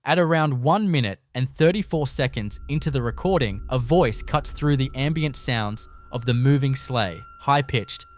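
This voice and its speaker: A man narrating a horror compilation in a slow, ominous storytelling style, with scripted delivery. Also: medium pitch, animated, slight background noise.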